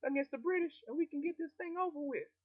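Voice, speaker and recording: A man voicing an old Chinese empress in a high, drawling falsetto. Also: fast, no echo. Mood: defiant. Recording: tinny phone-like audio.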